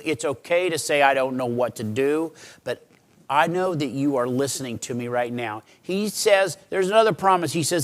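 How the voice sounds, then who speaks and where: A middle-aged pastor preaching a sermon in an earnest, conversational way, swinging between loud emphasis and quiet pleading. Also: male voice, medium pitch, expressive, normal speed. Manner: conversational, with restarts and asides.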